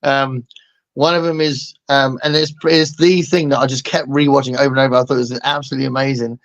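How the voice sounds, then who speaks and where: A man's voice: medium pitch, flat delivery, fast talker, fairly bright tone. A man hosting a casual chat, enthusiastic, with lots of fillers and restarts. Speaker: host. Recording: dull lo-fi sound.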